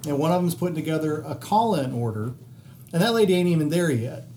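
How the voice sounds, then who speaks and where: A man's voice: on the high side, quick pace, slight background noise. A man co-hosting a podcast, telling a story casually with plenty of swearing. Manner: profane, animated anecdote-telling with quoted voices. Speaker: podcast co-host.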